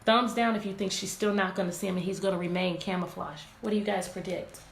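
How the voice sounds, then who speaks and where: A woman teacher reading a picture book aloud to her class, animated and asking many questions. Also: mid-range voice, quick pace. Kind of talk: interactive read-aloud lesson. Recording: echoey room, faint background noise.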